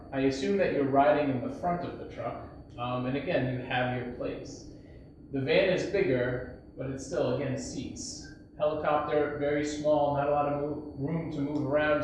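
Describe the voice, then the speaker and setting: A man gives a patient English grammar lesson, his fairly high voice carried from across a very echoey classroom. The sound is dull and lo-fi, with a faint hiss behind him. He now and then bursts into a shouted example to make a point. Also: far from the mic. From United States. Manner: patient, explains slowly, acts out shouted examples. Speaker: English teacher.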